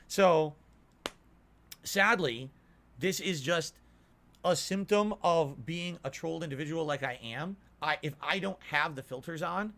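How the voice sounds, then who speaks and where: A man's voice: on the high side, animated, takes it slowly, pauses often, fairly bright tone. A male streamer complaining at length in an indignant, ranting monologue.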